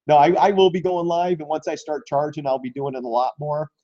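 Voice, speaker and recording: A man hosting a live stream on stock trading, talking loosely and mocking himself, often clearing his throat. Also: a little high, brisk, dark tone, dull audio. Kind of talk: casual live-stream market commentary.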